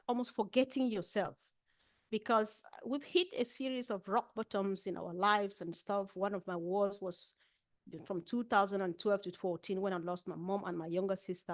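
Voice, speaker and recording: A woman on a panel tells her own story candidly and reflectively, often restarting a sentence before she finds her words. Her voice sits at a middle pitch and sounds close and dry, with no room echo. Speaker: panel speaker. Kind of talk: personal testimony on an online panel.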